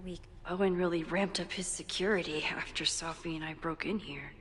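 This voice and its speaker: An actress voicing an anxious young heroine in a video game who speaks in an introspective inner monologue. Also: female voice, fairly low pitch, steady tone, moderate pace, fairly bright tone, in a large hall, a little hiss or hum, close to an everyday voice. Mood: reflective.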